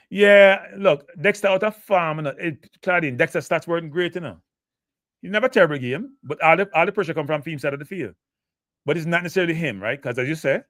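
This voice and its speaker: A man's voice: fairly high pitch, a bit bright, no echo, studio quality. A Jamaican man hosting a live football talk show, blunt and emotive, answering chat comments.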